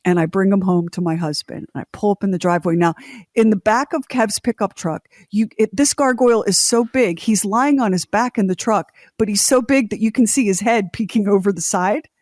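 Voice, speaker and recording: A woman's voice: medium pitch, fairly quick, no room sound, studio quality. A middle-aged woman co-hosting a podcast, telling a long story in casual chat and acting out the voices of the people she quotes. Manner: animated, acts out quoted voices. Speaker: podcast co-host.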